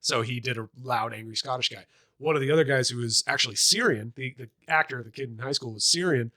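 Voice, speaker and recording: A young man co-hosting a podcast, chatting casually and telling theater stories with quick asides. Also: medium pitch, bright, forceful tone, no room sound, studio quality. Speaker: podcast co-host. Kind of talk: casual chat.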